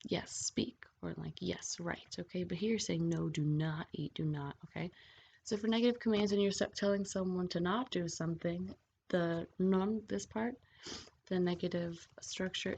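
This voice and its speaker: A woman's voice: fairly low pitch, steady tone, moderate pace, gravelly, darkish tone. A woman teaching grammar over slides, patient and checking in often with "okay?". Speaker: Italian language teacher. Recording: dull lo-fi voice-over with faint hiss.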